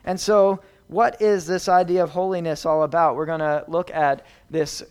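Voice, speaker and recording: High, clear-voiced male preacher. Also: level tone, darkish tone. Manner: measured, emphatic, repeats words for stress. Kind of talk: sermon.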